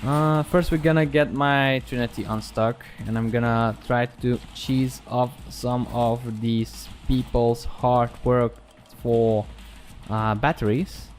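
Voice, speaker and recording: A man giving casual, relaxed commentary over his own gameplay, pausing often with ums and restarting sentences. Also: mid-range voice. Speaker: gaming channel host. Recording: clear background noise.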